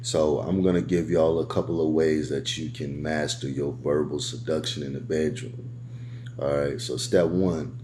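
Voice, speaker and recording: A man giving crude bedroom advice in a slow, laid-back casual monologue, heavy on street slang. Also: rumbling low, fairly even intonation, dark tone, a little hiss or hum. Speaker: dating advice host.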